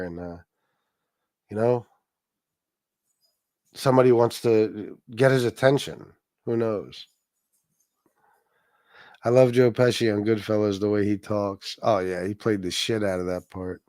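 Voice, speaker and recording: A man's voice: on the low side, measured pace, long pauses, darkish tone, no room sound, studio quality. Profane, rambling livestream host man. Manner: profane, rambling, many restarts. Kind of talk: casual livestream chat reading donations.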